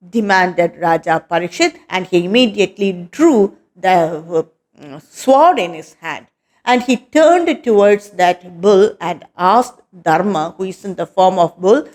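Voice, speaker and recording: Slow-spoken woman teaching scripture. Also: medium pitch, expressive, darkish tone. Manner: recounts with fillers, chants verses. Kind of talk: storytelling scripture lesson.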